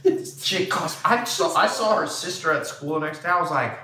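A man's voice: a little high, animated, brisk, sharp tone, echoey room, recorded from a distance, a little hiss or hum. A man from San Diego telling blunt, rambling stories as a podcast host in casual chat. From San Diego, USA.

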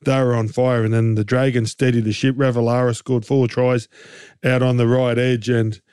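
An Australian man in a casual sports chat, talking in a middle-pitched voice that jumps up high when he gets going. He rambles and jokes with restarts and rhetorical questions. The recording is dry and close, with no room sound. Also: moderate pace, smooth, no echo. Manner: animated, jokey, rambling with restarts. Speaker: co-host and game commentator.

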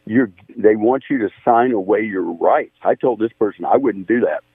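An older man calls in to a radio show sounding indignant, stumbling and repeating himself. His voice is low and comes through a tinny phone line. The sound is dry. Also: moderate pace, breathy edge, dry recording. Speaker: radio caller. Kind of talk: call-in on the phone.

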